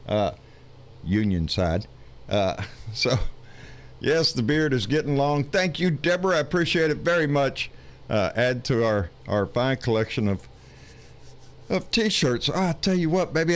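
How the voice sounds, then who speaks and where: A man's voice: on the high side, a bit bright. A man with a Texan accent hosting a live political stream, folksy and rambling, swearing often with lots of fillers.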